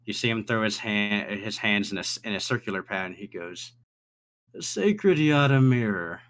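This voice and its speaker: A man's voice: fairly low pitch, fairly even intonation, a little fast, sharp tone. A man narrating as game master of a tabletop game in an easygoing way.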